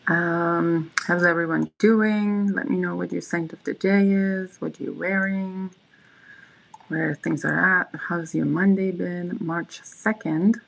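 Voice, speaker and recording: Chatty livestream host with vocal fry. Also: medium pitch, fairly even intonation, takes it slowly, low-quality recording. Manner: chatty, rambling, reads chat messages aloud; frequent fillers and restarts. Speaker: livestream host reading chat. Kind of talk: casual chat livestream.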